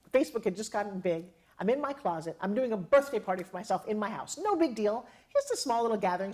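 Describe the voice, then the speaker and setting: Middle-aged lady telling stories to a crowd, lively, does all the voices with little laughs. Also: medium pitch. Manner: lively, acts out quoted dialogue with laughs. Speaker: motivational speaker. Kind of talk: personal storytelling to an audience.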